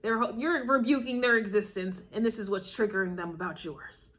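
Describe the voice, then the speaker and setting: A woman who reads tarot and astrology gives a casual spiritual reading in a medium-pitched, slightly bright voice at a brisk pace. She is emphatic and repeats phrases, chuckling often and calling the listener baby.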